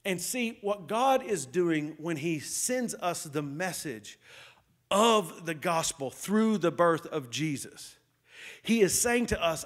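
A male pastor preaches a sermon in a slightly high voice. He tells stories with energy and raises his voice when he acts out what people said. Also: expressive, takes it slowly. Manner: storytelling, acts out quotes with rising pitch and loudness.

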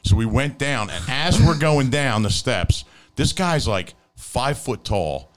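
A man's voice: medium pitch, lively intonation, takes it slowly, noisy background. A man hosting a podcast, telling a rambling story with fillers and frequent laughs. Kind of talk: casual chat.

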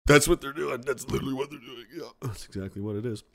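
A man's voice: medium pitch, fast, gravelly. A male podcast host chatting casually on a livestream, sarcastic and profane, often laughing at his own jokes.

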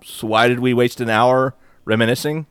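A man co-hosting a podcast in casual chat, animated and profane, mocking others in quoted voices. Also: medium pitch, moderate pace, clean tone, no room sound. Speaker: podcast co-host.

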